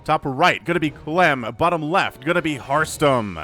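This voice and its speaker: A man casting a video game match on his own, with energetic, playful play-by-play commentary. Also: fairly high pitch, moderate pace. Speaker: esports caster. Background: faint background music.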